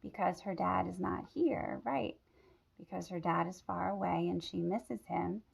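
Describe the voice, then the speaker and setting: A woman reading a picture book aloud to children, teacherly and pausing to ask them questions. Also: lowish voice, vocal fry, breathy edge. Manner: teacherly, asks the listeners questions. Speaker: storybook reader.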